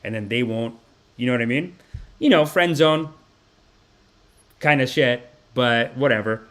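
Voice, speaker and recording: Measured in pace and medium in pitch, this man hosts a live podcast. He chats casually on the livestream, cursing freely, going off on tangents, and keeping things animated.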